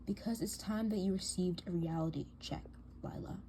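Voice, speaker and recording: A woman's voice: on the low side, normal speed, mellow, a little hiss or hum, lightly acted. Woman voicing a cold, taunting scheming girl. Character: bossy scheming teen girl in doll drama. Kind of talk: doll drama voice acting.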